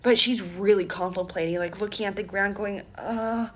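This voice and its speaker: A woman telling a personal story in a storytime vlog, dramatic, speeding up and slowing down, dropping almost to a whisper. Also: mid-range voice, fairly even intonation. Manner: dramatic, swings between fast and slow, drops to near-whispers.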